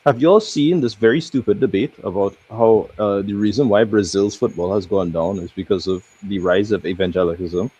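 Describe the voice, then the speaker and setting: A man's voice: lowish voice, a little fast, few pauses, mellow, husky. A man co-hosting a live match watchalong, opinionated and argumentative. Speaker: watchalong co-host. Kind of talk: casual chat over a live match. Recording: muffled lo-fi mic.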